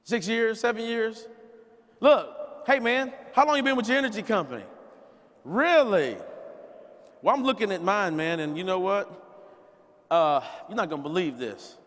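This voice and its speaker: A man giving a folksy, animated sales training talk, acting out conversations and repeating key phrases. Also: sits high, normal speed, long pauses. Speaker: business opportunity trainer. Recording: long hall reverb, live event.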